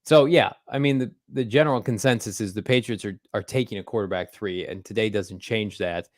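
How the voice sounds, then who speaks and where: A man's voice: lowish voice, fairly quick, no room sound, clean studio sound. Emphatic man hosting a sports podcast. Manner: emphatic, opinionated, punchy delivery. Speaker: podcast host. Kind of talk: casual sports podcast chat.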